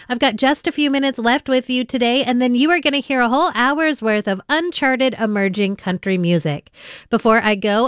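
Friendly woman radio DJ, smooth voice. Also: on the high side, no room sound, clean studio sound. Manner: friendly, conversational, addresses listeners directly. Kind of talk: radio back-announcing between songs. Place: radio studio.

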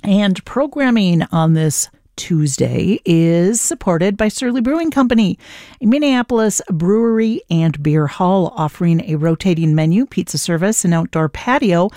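A woman's voice: fairly low pitch, warm tone, no room sound, studio quality. A woman radio DJ announcing songs between tracks, with playful punning asides. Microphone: studio microphone.

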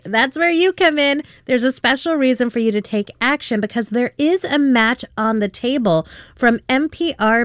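A woman co-hosting a public radio pledge drive, making steady, persuasive appeals. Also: a little high, dry recording, studio quality. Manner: steady, persuasive, reading listener messages. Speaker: radio co-host.

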